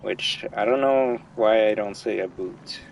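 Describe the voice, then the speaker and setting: A man's voice: on the low side, a little slow, gravelly, far from the mic, slight background noise, rough recording. A young man from Canada, a gaming streamer, chatting casually and rambling through gameplay commentary, swearing freely.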